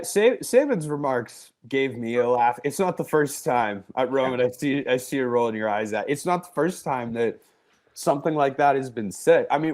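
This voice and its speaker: A man's voice: medium pitch, darkish tone. A man hosting a sports talk podcast, leading the chat with joking banter. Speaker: podcast host.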